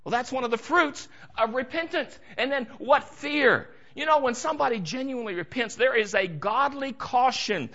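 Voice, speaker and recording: Guy preaching a sermon, high bright voice, acts out the quotes, kinda muffled lo-fi sound. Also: moderate pace. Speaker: pastor.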